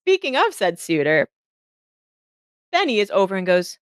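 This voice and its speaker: A woman game master narrating a tabletop game in relaxed second-person description. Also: medium pitch, moderate pace, long pauses, dry recording, clean studio sound.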